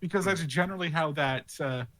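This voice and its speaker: Male co-host, a touch high-pitched, dry teasing banter. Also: fairly quick, sharp tone. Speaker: podcast co-host. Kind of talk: casual chat.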